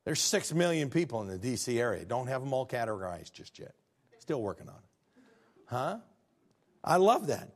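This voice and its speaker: A middle-aged man, a pastor, preaching a sermon that swings from hushed, intimate lines to loud, fervent ones. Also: mid-range voice, sing-song, moderate pace, pauses often.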